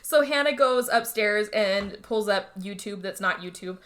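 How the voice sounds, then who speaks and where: A woman casually retelling a movie plot on a podcast, chatty and animated, jumping into higher voices for the characters. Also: a little slow. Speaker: podcast co-host. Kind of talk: casual movie recap chat.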